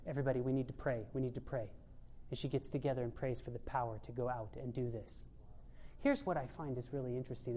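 A woman's voice: extremely low pitch, warm tone. A woman giving a sermon-style talk to a congregation, emphatic and full of rhetorical questions. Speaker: speaker at a church presentation.

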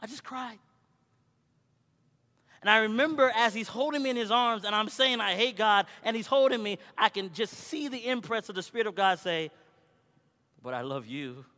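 A male preacher delivering a sermon, moving between loud exhortation and quiet personal storytelling. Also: extremely high pitch, moderate pace. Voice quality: swings from shouting to quiet storytelling. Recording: long hall reverb.

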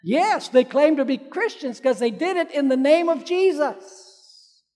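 High-voiced preacher in a reverberant hall. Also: male voice, animated, measured pace, darkish tone. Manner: asks the congregation questions and answers them himself; acts out the people in the parable with changing voices. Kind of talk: sermon. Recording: long reverb of a large hall.

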